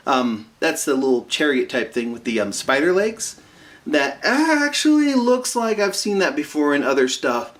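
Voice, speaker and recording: A man reviewing a cartoon episode recaps it casually, rambling through asides and fillers and dropping into quick character impressions. His voice sits a little high, with a sing-song lilt and a fairly bright tone.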